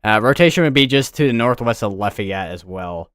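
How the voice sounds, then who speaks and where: A young American man hosts a casual weather livestream from his room, which has a green screen, rambling and correcting himself as he chats. His voice is fairly low, a bit bright, animated, and brisk.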